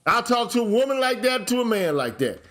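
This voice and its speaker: A man hosting his own channel, speaking in casual commentary, blunt and profane, at times working up into shouted rants. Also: very high voice, sing-song, brisk. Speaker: channel host.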